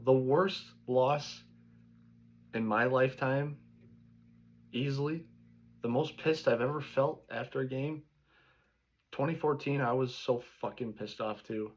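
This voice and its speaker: Man in his 30s, furious profane fan rant, lo-fi sound. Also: medium pitch. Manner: angry, profane ranting. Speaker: sports fan vlogger. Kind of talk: reaction rant. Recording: dull lo-fi recording.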